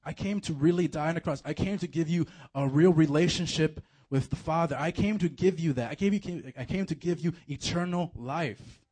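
A man preaching a casual, animated sermon to a youth group, full of slang and fillers. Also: fairly high pitch, normal speed, hardly any pauses, breathy edge. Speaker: youth pastor.

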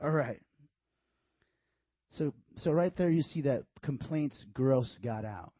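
A man's voice: medium pitch, slow, pauses often, no room sound, dull audio. A man preaching a casual, joking sermon to young adults, acting out voices and slipping in asides. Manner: animated, acts out voices, jokey asides. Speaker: youth pastor.

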